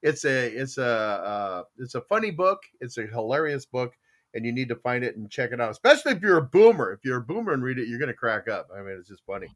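A man's voice: medium pitch, sing-song, fast talker, fairly bright tone. A man hosting a podcast in casual chat, rambling with many fillers and restarts as he tells a long joke. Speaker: podcast host.

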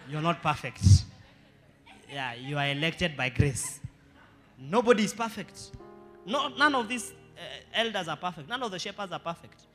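A male pastor with a Kenyan accent preaching a sermon, building to shouted emphasis with playful Swahili asides. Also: fairly high pitch, animated, moderate pace. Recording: live church sermon with long reverb and faint music.

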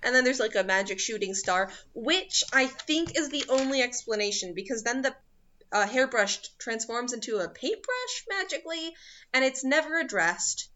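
A young woman co-hosting a podcast, recapping a film's plot in a casual, storytelling way with deadpan asides. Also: high voice, normal speed, slight background noise. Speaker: podcast co-host. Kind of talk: casual chat recapping a film. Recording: dull lo-fi recording.

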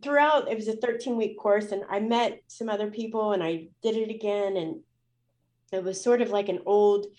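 A woman's voice: medium pitch, moderate pace, a little mellow. A woman speaking as a guest in an interview, telling a personal story in a candid, emotional way with many fillers.

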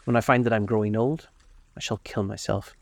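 A man reading aloud gives a desperate, vain young man in a storybook, lifting his low gravelly voice higher into an anguished plea. The youth sounds wounded and self-absorbed. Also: steady tone, brisk, no room sound. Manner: pleading, raised in pitch. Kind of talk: audiobook character voice.

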